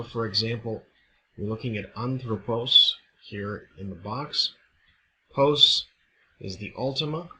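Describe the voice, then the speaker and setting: A man teaching a recorded lesson, explaining step by step in a measured way. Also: on the low side, bright, forceful tone, slight background noise, low-quality recording. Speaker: Greek teacher. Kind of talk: recorded classroom lecture.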